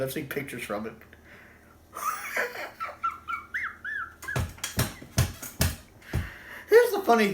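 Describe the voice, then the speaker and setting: In an echoey room, a man with a medium-pitched, fairly bright voice chats through a casual video review. He laughs frequently between comments, repeats himself and keeps self-correcting.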